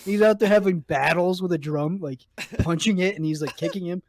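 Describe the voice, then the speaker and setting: A man's voice: high-pitched, fairly quick. A man co-hosting a podcast in casual chat, joking crudely and riffing on a friend. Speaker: podcast co-host.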